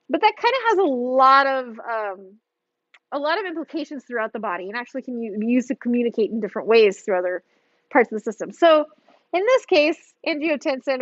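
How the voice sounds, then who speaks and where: A woman gives a recorded lecture, her voice a bit high and her talk casual and chatty, with fillers and quick asides. The sound is dry and close, with a dull, slightly muffled lo-fi edge. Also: fairly bright tone, no echo. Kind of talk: recorded lecture over slides.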